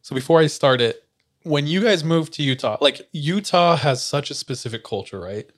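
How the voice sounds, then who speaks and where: A young man chatting casually on a podcast, telling an animated story, acting out quotes and laughing often. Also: fairly high pitch, normal speed.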